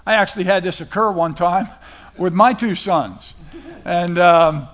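Middle-aged male pastor, high-pitched, casual storytelling sermon delivery. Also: measured pace, fairly bright tone. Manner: conversational preaching, retells scripture in casual paraphrase.

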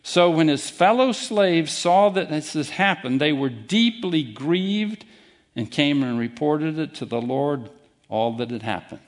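Slow, emphatic preaching man. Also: a little high, animated. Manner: emphatic, deliberate preaching with direct challenges to listeners. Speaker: pastor. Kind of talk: sermon.

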